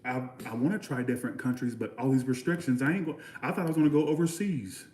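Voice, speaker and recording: A man's voice: medium pitch, quick pace, darkish tone, roomy sound. A man from Georgia with a Southern US accent, rambling bluntly in a casual livestream chat with viewers. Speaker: channel host.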